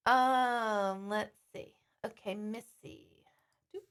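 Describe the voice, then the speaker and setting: A woman's voice: a little high, steady tone, slow pace, a bit bright, clear, resonant tone. A woman hosting a live-stream question and answer session as a psychic medium, chatting casually and reading viewer comments aloud.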